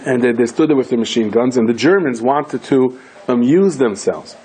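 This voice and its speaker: Husky rabbi telling stories, peppered. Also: male voice, normal speed, poor audio. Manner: animated storyteller, acts out quoted voices with sudden high pitch jumps. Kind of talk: storytelling Torah lecture.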